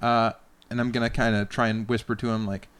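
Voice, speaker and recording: A man at a tabletop game asks questions in a loose, casual voice, hesitating and restarting often. He sits at a middle pitch. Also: flat delivery, brisk, a bit bright, smooth. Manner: casual, hesitant, many fillers. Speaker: player.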